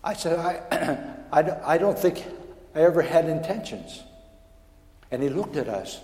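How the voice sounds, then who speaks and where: A man preaching a personal testimony, telling his story in a stammering, animated way that builds in excitement. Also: a little high, unhurried. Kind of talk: sermon testimony. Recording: echoey hall with long reverb.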